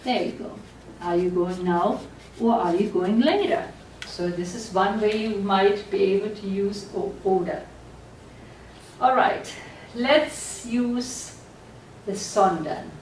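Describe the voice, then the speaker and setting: A woman teaching a German class, explaining slowly and patiently and often checking that the students follow. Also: medium pitch, a little mellow, slight background noise. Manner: slow, patient explaining with frequent check-ins. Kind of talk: classroom lecture at a board. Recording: echoey room, voice from far off.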